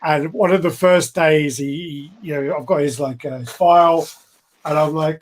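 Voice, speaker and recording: Speaking at a normal pace in a slightly high, steady voice, this podcast co-host rambles through stories in a relaxed chat, laughing frequently along the way.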